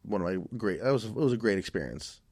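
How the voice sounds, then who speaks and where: Deep-voiced man rambling through a story. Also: lively intonation, fast talker, darkish tone, husky. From Minnesota. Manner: rambling, many restarts and fillers. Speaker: podcast guest. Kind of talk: casual storytelling.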